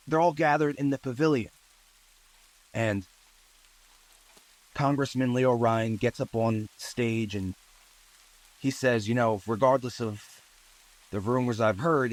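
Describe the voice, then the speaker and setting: A man's voice: medium pitch, low-quality recording. Casual man telling a true-crime story. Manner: conversational, with asides and fillers.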